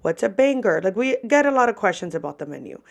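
A young woman, a podcast host who works as a server, telling stories in a casual, animated way and swearing freely. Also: fast, vocal fry. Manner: animated, profane, lively pitch swings. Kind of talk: casual storytelling.

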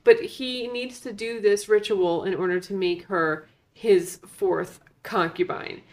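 Woman, mid pitch, casual movie chat, exasperated, filler-heavy. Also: fairly even intonation, slow pace. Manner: exasperated, lots of "like". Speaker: podcast co-host.

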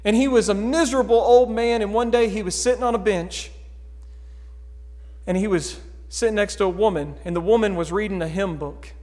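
A man preaching a sermon as pastor, earnest and pleading, dropping to a hush and rising to emphatic calls. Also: high voice, a little fast. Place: church sanctuary. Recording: long hall reverb.

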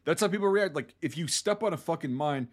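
A man hosting a casual podcast discussion, blunt and animated, swearing freely as he talks through a film. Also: fairly high pitch, fast. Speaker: podcast host.

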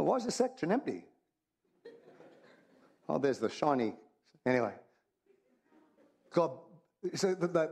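A man's voice: mid-range voice, darkish tone. Guy preaching a sermon, chatty and funny, keeps repeating lines, normal mid voice. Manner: conversational and humorous, repeats phrases. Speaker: pastor.

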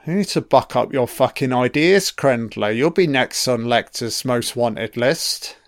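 Slow guy heckling a movie, a bit croaky, dry close mic. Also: medium pitch, lively intonation, no echo. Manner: profane, talks back at the screen. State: slightly croaky throat. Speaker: film commentator. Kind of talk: casual film commentary.

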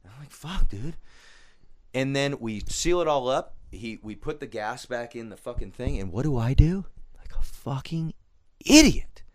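A man's voice: medium pitch, normal speed, dry recording. A man telling a story in casual studio chat, swearing freely and acting out his own quotes. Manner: profane, animated storyteller who acts out his own quotes. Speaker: podcast guest.

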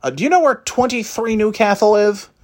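A man voicing a lost, flustered woman delivery driver in a high, whiny, drawn-out voice. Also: animated, natural voice. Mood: hesitant.

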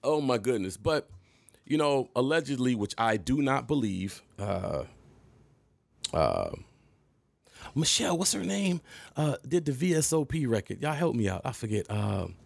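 A man in his thirties casually telling an animated story to camera, laughing and jumping high when he quotes himself. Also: measured pace, vocal fry, no room sound. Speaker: vlogger.

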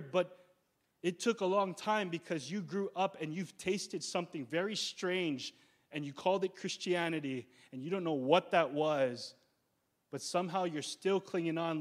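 Man preaching a lively conversational sermon. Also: a little high. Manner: conversational preaching, slows down for emphasis. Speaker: pastor.

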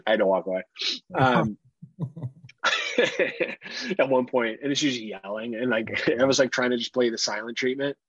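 Podcast dad, thirties, swears freely and rambles with laughs; husky voice on a dull, dry mic. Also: male voice, medium pitch, a little slow, long pauses, no room sound. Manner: profane, rambling, laughs often. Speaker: podcast co-host. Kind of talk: casual chat.

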